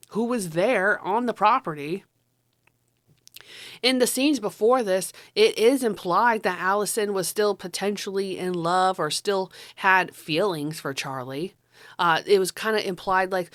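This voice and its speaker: A woman talks through a film in a loose, casual review, blunt and openly sarcastic, with a lot of cursing. Her voice sits at a middling pitch. The sound is dry and close, with no room echo. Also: a bit bright. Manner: blunt, sarcastic, swears freely. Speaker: movie reviewer. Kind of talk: casual spoken movie review.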